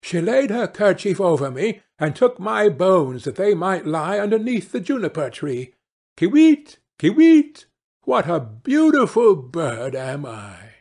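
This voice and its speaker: A man's voice: high-pitched, very animated, unhurried, a little mellow, full character voice. A man voicing a murdered little boy reborn as a bird, chanting his song in a sing-song way.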